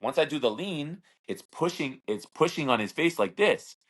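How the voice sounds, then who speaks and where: This slap fighter from Hawaii, in his thirties, tells a long, meandering story as a guest in a relaxed interview. His voice sits a little high and sounds husky and expressive at a moderate pace, and he keeps repeating words and performing other people's lines.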